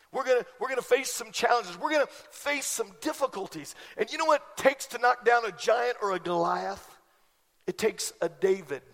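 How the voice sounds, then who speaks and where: A pastor delivers an animated sermon in a notably high voice. He drives his points home with emphatic, rising bursts. The recording carries the long reverb of a large church sanctuary.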